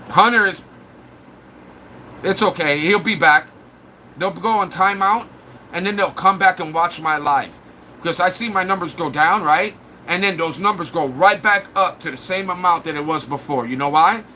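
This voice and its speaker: A man on a live stream, crude and blunt, trash-talking the viewers in his chat. His voice sits high and has a bright, cutting edge. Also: slight background noise.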